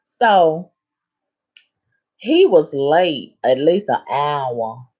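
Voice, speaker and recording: Playing extremely slowly with the high frequencies cut off, the clip has a woman on a casual live stream reading comments from viewers and responding in a sassy, animated manner with big pitch swings.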